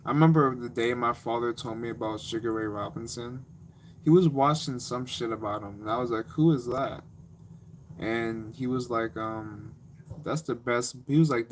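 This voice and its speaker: A man's voice: medium pitch, fairly even intonation, normal speed, slight background noise. A young man on a live stream, rambling casually with slang and laughter as he tells stories.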